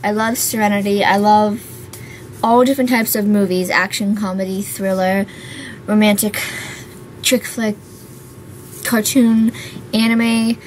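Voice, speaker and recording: A woman's voice: mid-range voice, steady tone, measured pace, long pauses, slight background noise. A young woman chatting casually to camera in a rambling, hyper way, full of fillers, while tired and yawning. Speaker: YouTuber. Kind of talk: casual vlog chat to camera.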